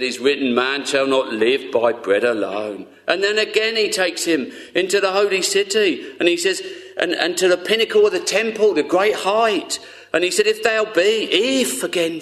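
Slow, tender-voiced male preacher. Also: on the high side. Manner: earnest, tender, slow with long pauses, often dropping to a hush. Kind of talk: sermon.

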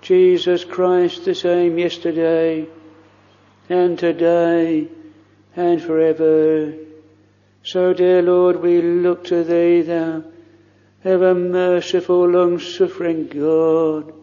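Man leading pulpit prayer, slow, earnest and pleading, flat even delivery, mellow tone, dull recording with long hall echo. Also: sits high. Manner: earnest, pleading, in old-style formal phrasing. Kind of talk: old-fashioned pulpit prayer.

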